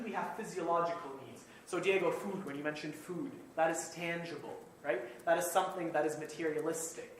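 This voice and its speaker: A man lecturing in a classroom, set a little high for a male voice, picked up from a distance in a very echoey room with faint room noise underneath. He explains patiently, rephrases as he goes and keeps asking "okay?" to check in with his students. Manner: repeats and rephrases points while thinking aloud. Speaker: university lecturer.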